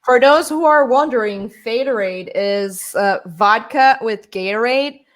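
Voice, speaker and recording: A woman's voice: fairly high pitch, a little slow. A woman from Brazil with a Brazilian Portuguese accent, chatting casually and telling stories with lots of restarts. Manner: animated storytelling with many restarts. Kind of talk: casual chat.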